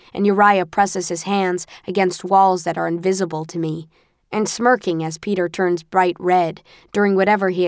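A woman narrating a first-person audiobook with a tense, expressive storytelling manner. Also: on the low side, no room sound, studio quality.

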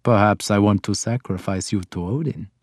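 A bold, loud Viking warlord, blunt and teasing, with a low voice, as a man reads him in an audiobook. He issues threats plainly and without hurry. The recording is close and dry. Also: moderate pace, dry recording, lightly acted. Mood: gruff teasing.

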